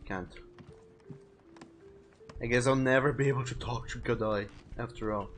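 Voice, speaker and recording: A man's voice: medium pitch, steady tone, normal speed, soft background music. A man streaming a video game live, giving casual, joking commentary. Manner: joking, chatty. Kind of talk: casual let's-play commentary.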